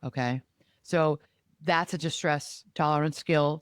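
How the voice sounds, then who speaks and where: A woman who is a therapist and life coach, hosting a podcast in a casual, emphatic and animated way, talking in quick bursts. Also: sits low, no room sound, clean studio sound.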